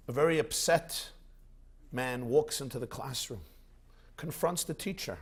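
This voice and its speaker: Brief: male rabbi lecturer, slightly high voice, lively storytelling. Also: a little slow, pauses often, breathy edge. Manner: expressive storyteller. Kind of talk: lecture with anecdotes.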